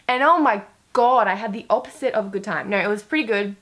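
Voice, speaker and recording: A woman's voice: medium pitch, fairly quick, few pauses, fairly bright tone. A young woman chats her way through a makeup tutorial. She talks casually and loosely, with plenty of filler words. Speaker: beauty vlogger.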